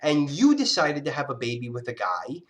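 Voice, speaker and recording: A man's voice: mid-range voice, very animated, moderate pace, fairly bright tone. A man telling a personal story in an angry, profane, scattered rant, often restarting his sentences. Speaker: vlogger. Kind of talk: casual storytelling monologue.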